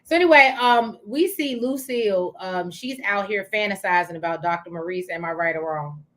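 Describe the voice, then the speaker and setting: A woman's voice: mid-range voice, normal speed, a bit bright. Chatty woman co-hosting a recap show. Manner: chatty, thinks aloud with many "um"s. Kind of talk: casual recap chat.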